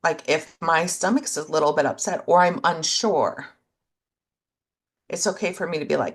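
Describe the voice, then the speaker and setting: A middle-aged woman with a lowish voice and a gravelly edge co-hosts a podcast. She talks in a gentle, thoughtful way, in short reflective phrases. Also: moderate pace. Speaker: podcast co-host. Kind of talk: casual reflective conversation.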